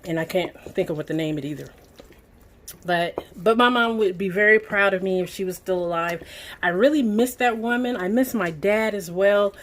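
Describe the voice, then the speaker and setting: A woman's voice: mid-range voice, moderate pace. Folksy Southern woman cooking at home. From Southern United States. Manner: folksy, talks straight to viewers while stirring. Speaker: cooking channel host. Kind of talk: chatty cooking demonstration. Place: home kitchen.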